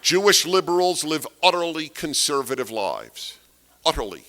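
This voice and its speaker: Bright-toned emphatic man lecturing. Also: on the high side, very animated, normal speed. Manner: emphatic, rhetorical questions, repeats key phrases. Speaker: speaker giving a talk. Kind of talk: political lecture to an audience.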